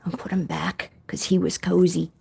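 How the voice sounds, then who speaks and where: A woman's voice: on the low side, little pitch movement, moderate pace, creaky, darkish tone. A woman hosting a casual livestream, rambling and chatty as she answers comments from her viewers. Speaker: livestream host.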